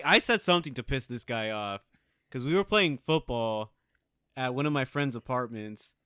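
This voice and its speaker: A man co-hosting a casual podcast chat, telling stories in an animated way and swearing freely. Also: mid-range voice, dry recording, clean studio sound. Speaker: podcast co-host.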